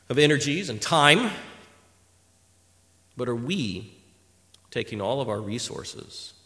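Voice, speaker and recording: A man preaching a sermon, animated and emphatic, acting out conversations as he teaches from scripture. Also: medium pitch, vocal fry. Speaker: preacher teaching a Bible passage. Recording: long reverb of a large hall.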